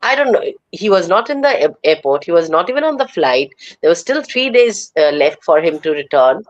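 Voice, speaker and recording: A woman's voice: fairly low pitch, very animated, a little fast, highs cut off. A woman on a live panel, telling a personal anecdote in a storytelling manner. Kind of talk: casual panel discussion.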